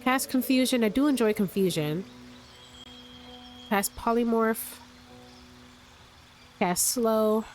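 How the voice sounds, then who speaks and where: Stuffy, slightly raspy woman thinking aloud. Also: fairly high pitch, slow pace, pauses often, a little mellow, soft background music. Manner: thinks aloud, rambling with restarts. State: sick, stuffy and a little raspy. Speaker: let's play host. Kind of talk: casual gameplay commentary. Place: room at home.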